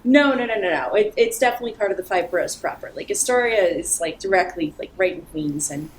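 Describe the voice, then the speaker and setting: A talkative woman, chatting casually as a podcast guest. Her pitch swings widely as she talks. There is a faint hum of ambience behind her. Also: quick pace, low-quality recording. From New York. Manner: animated, talkative, many "like" fillers.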